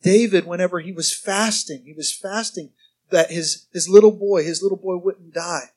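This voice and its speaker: A man preaches a sermon in a high, bright-toned voice. He talks conversationally and with humor, often quizzing his congregation. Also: steady tone, moderate pace, husky. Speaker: pastor.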